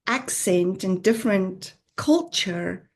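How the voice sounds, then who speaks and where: A South African woman speaks slowly and deliberately, in a voice of ordinary middle pitch. She tells her own story as a podcast guest, earnest and reflective, breaking into soft laughs. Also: expressive. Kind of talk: personal storytelling interview.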